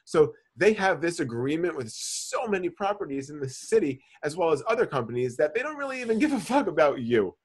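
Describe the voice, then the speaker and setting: A man hosting a casual podcast, telling a profane, animated story and calling people bro. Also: a little high, fairly quick, few pauses, breathy edge. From New York. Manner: animated storytelling, swears a lot, says bro. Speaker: podcast host.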